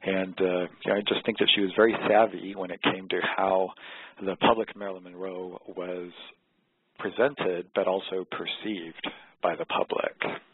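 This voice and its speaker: A man calling in to a radio interview as a guest collector, answering in a measured, modest way. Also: deep voice, flat delivery, slightly rough. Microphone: telephone. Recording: tinny phone line on radio.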